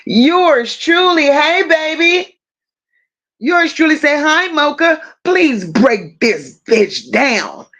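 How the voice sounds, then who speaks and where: With a high-pitched, bright, forceful voice, a woman hosts a casual livestream and greets viewers one by one using pet names like baby and boo. The audio comes through dull and lo-fi.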